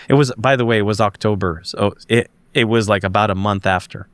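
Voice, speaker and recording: Speaking fairly quickly with few pauses, a podcast guest from Montreal shares a personal story in a casual way. His fairly low male voice comes through with no echo, and he animatedly performs the dialogue as he tells it.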